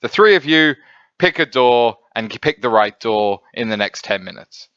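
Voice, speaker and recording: A man's voice: medium pitch, lively intonation, normal speed, a bit bright, smooth, no echo. A man reviewing manga at home, talking casually and enthusiastically, with lots of fillers. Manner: rambling, enthusiastic, with many fillers. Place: home setup, filmed at night. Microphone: camera setup. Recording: dull lo-fi sound.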